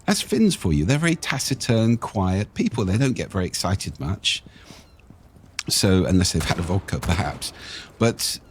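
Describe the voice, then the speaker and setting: An older man with a husky voice, explaining speaking technique in a lively, expressive conversational way. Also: deep voice, normal speed, a little hiss or hum. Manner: animated, expressive intonation. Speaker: voice coach guest.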